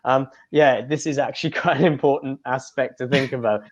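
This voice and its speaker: A man's voice: medium pitch, fairly even intonation, fairly quick. A man, an English tutor answering interview questions in an explanatory way, often stopping to restart. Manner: explanatory, with frequent fillers and restarts. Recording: dull lo-fi audio.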